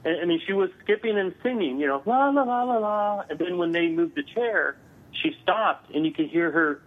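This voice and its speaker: A man calls in to an interview and tells his story in a voice a little higher than most. He pauses often on filler sounds and gets animated as he retells it. The line is narrow and tinny, like a phone call. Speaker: guest paranormal investigator.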